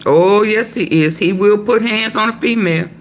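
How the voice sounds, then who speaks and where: A woman giving casual gossip commentary, animated and laughing often. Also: normal speed. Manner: animated, laughs often, mimics with shrieking high voice. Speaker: commentary vlogger.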